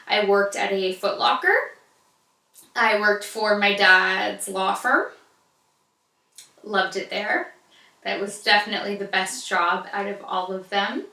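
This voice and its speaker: American woman, 30s, casual vlogger chat, bright voice, roomy echo. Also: mid-range voice, far from the mic. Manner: chatty and gushing, with playful asides. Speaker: beauty vlogger answering viewer questions. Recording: echoey room, a little off-mic.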